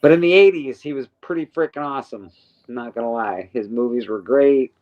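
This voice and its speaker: A man's voice: medium pitch, fairly quick, highs cut off. A man hosting a casual podcast chat, laid-back, laughing easily and swearing casually. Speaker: podcast host.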